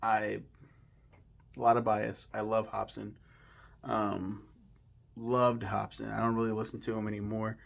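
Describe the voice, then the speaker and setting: A man's voice: on the low side, level tone, measured pace, gravelly, long pauses. A young man giving blunt, profane, mocking commentary on rappers in a casual chat. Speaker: channel host.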